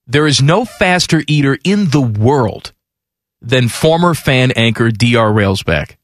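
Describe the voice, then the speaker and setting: A man's voice: mid-range voice, expressive, a little slow, no room sound, clean studio sound. A man co-hosting a radio show, chatting casually with a wry, teasing manner. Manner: teasing, wry, laughs easily. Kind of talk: casual chat.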